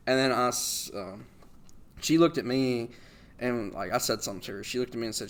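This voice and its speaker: A man's voice: medium pitch, fairly quick. A young adult man hosting a podcast, telling a story in casual chat and laughing often along the way. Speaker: podcast host.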